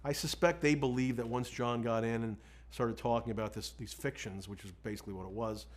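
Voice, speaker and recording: A man's voice: mid-range voice, steady tone, fairly quick. Man, lawyer, interview, frank, self-deprecating, recounts dialogue. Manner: candid, self-deprecating, quotes himself and others. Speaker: defense lawyer. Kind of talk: storytelling in an interview.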